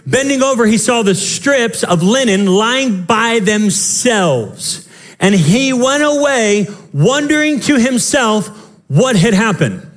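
A male pastor preaching an animated Easter sermon, playful, acting out the scenes and laughing as he goes. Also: very high-pitched, takes it slowly.

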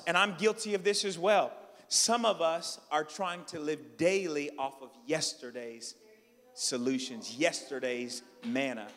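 Animated preacher in a reverberant hall. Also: male voice, fairly high pitch. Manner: animated storytelling, dropping to a hush for quiet lines. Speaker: pastor. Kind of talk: sermon. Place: church hall.

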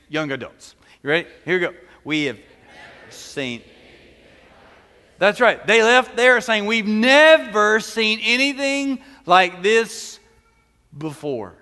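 In the sanctuary, with a long reverb trailing his words, a pastor speaks in a sharp voice that sits high. His sermon feels like conversation, dotted with jokes.

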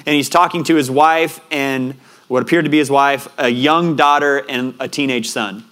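A man's voice: mid-range voice, fairly even intonation, normal speed. Earnest male preacher telling a story. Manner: earnest storytelling, drops soft and quiet at emotional points. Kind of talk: sermon with personal story.

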